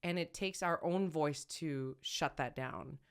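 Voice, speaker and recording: Actress guest, low-pitched woman, loose self-correcting chat. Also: unhurried, clear, resonant tone. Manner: rambling, self-correcting, animated storyteller. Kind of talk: casual conversational interview.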